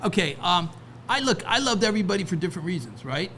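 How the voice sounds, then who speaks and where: With slight noise behind him, a man who runs a record label talks as a podcast guest in a high, bright, pushed voice that swings widely in pitch and moves quickly. He rambles casually, restarting often and dropping "right?" asides.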